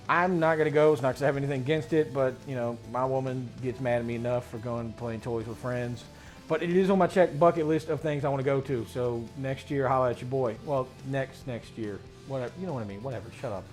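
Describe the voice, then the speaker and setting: A man hosting a casual tabletop gaming chat, slangy and rambling, getting excited as he talks. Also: mid-range voice, brisk, soft background music. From Mid-Atlantic United States. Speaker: host.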